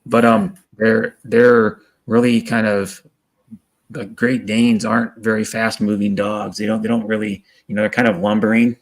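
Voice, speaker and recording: A man's voice: lowish voice, level tone, moderate pace. A man in a casual chat on a video call, rambling and often repeating his words. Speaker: co-host.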